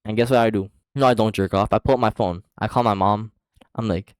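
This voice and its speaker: Young man, low voice, rapid delivery, slangy profane storytelling, dry close sound. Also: fairly even intonation, smooth, no echo. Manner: slangy, profane, rambling with fillers. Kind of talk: casual storytime vlog.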